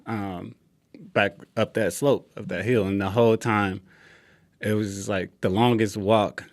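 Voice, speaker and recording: A young man, a guest in an interview, telling a personal story in a relaxed way and acting out quoted lines. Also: on the low side, measured pace, no room sound, studio quality. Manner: relaxed, acts out quoted dialogue.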